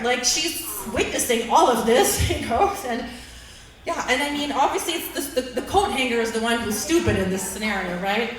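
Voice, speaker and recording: A slightly high-voiced woman in her thirties tells stand-up stories at an open mic, rambling and self-mocking, leaning on fillers. When she acts out her own frustration she bursts into loud outbursts. She sounds distant from the mic, and the room rings with heavy echo. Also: lively intonation, moderate pace, soft background music. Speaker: stand-up comic. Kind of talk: stand-up storytelling. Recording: echoey room, mic heard from far off.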